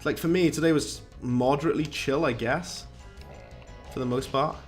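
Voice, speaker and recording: With game music in the background, a man casually rambles on a live game stream, talking with viewers and reading their messages out in British slang. His voice is a little high and goes at normal speed.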